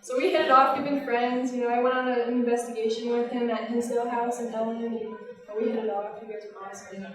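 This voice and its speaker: A woman's voice: a little high, little pitch movement, fast. A young woman on a panel, talking casually with fillers and frequent laughs. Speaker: panelist, paranormal investigator. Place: large event room with audience. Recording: echoey room, distant mic, crowd.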